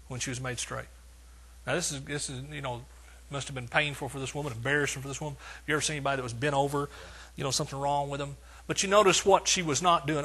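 A man's voice: medium pitch, fairly even intonation, quick pace, pushed and bright, slightly rough. A man preaching a sermon as pastor, building points through emphatic repetition.

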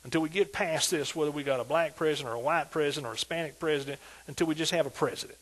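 Older male pastor, high bright husky tone, lively folksy sermon delivery. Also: racing, poor audio. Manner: animated preaching, asks "are you with me?" repeatedly; colloquial, folksy storytelling.

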